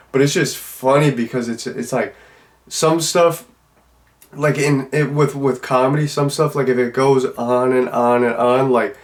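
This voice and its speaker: A man giving a casual, loose and rambling spoken review of a film. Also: mid-range voice. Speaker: movie reviewer.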